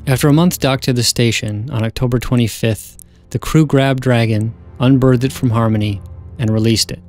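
A man giving a scripted narration in an even, factual delivery. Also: mid-range voice, moderate pace, soft background music.

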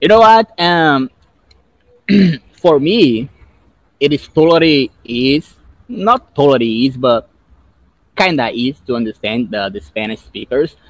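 A man whose first language is Portuguese talks slowly and with care during a casual English practice call. His voice sounds close and dry. He laughs often while he explains how words are pronounced. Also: medium pitch, expressive, dry recording, muffled recording. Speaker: English learner. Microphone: video call.

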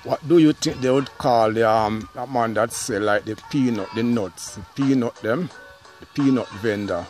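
A man's voice: medium pitch, moderate pace, darkish tone, faint music behind. Jamaican man quizzing viewers outdoors. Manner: quizzing viewers, acting out vendor calls. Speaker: vlogger. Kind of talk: casual teaching vlog.

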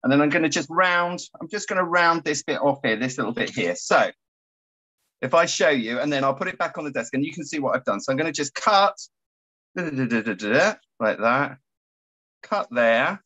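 A man guiding a paper craft tutorial, chatty and quick to laugh. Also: on the high side, highs cut off. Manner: animated, giggly and chatty. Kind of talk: casual craft tutorial chat.

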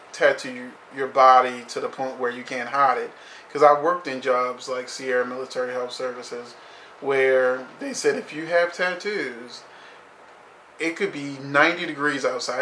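A man's voice: mid-range voice, a bit bright, roomy sound, a little hiss or hum. A man reviewing a TV episode in casual commentary, blunt and profane, saying "you know" constantly.

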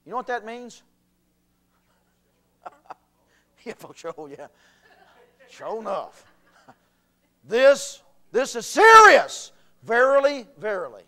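A man preaching a sermon as pastor, swinging from quiet earnest talk to shouted emphasis. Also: very high voice, wildly swooping pitch, very slow, creaky, long pauses. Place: church sanctuary.

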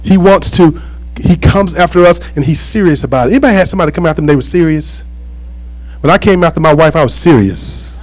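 A man preaching a sermon as pastor, animated and joking, with call-and-response asides to the congregation. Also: on the high side, fast, rough recording.

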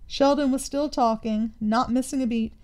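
A woman's voice: on the high side, steady tone, normal speed, darkish tone. Woman reading a children's storybook aloud.

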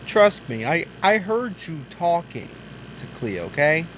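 A young toy truck, guilty and nervous, who stammers and apologizes over and over in a high, lively voice that jumps up and down, as a man puts him on. It is a homemade toy drama, spoken slowly. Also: a little hiss or hum, poor audio. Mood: apologetic. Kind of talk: hobby toy drama voice acting.

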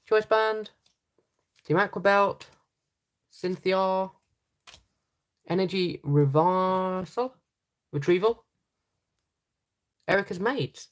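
British woman, low-leaning pitch, dry wit, relaxed unboxing chatter. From Britain. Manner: dry, teasing asides. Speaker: channel host. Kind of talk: casual unboxing chat while sorting cards.

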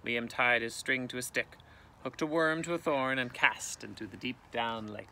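A male teacher reading a picture book aloud with expressive, dramatic storytelling, outdoors in a canoe. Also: mid-range voice, normal speed, vocal fry, slight background noise.

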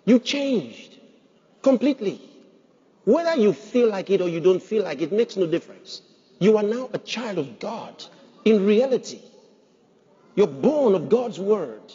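A man's voice: high-pitched, expressive, normal speed, mellow, husky. A man preaching a sermon as pastor, emphatic, putting rhetorical questions to his congregation. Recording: dull sound with long hall reverb.

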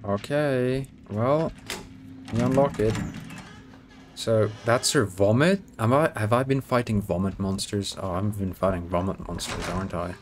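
Low-voiced excitable gamer guy. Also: unhurried, noisy background. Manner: excitable, swearing, begging and joking at the game. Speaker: gaming YouTuber. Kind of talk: let's play commentary.

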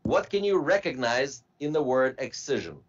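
A man teaching medical terminology to a class, slowly spelling out word parts and asking students to repeat. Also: a little high, slightly rough, lo-fi sound. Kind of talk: classroom lecture.

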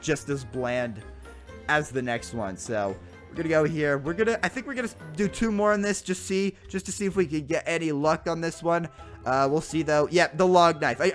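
Excitable young man with a raised voice. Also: a little high. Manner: excitable, groans and exclaims at bad luck, addresses viewers as guys and bro. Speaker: gaming YouTuber. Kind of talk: gameplay commentary.

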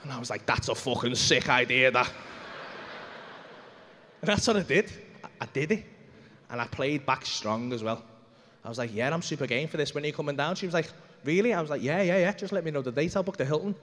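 A male stand-up comedian, telling an animated, sweary story and acting out the voices in it. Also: fairly high pitch, quick pace. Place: comedy club stage. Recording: live club recording with long reverb and faint room noise.

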